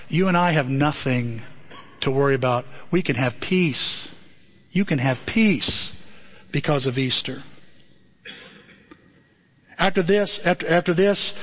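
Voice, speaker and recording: A man with a fairly high voice delivers a sermon as pastor, storytelling with energy and slipping into voices for the people he quotes. The recording is dull and lo-fi, as if from an older audio file. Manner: animated storytelling, acting out quotes.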